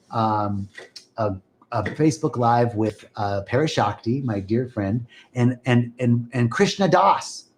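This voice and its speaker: A man's voice: mid-range voice, darkish tone. A man hosting a spiritual live stream, talking casually and enthusiastically to viewers and greeting them by name.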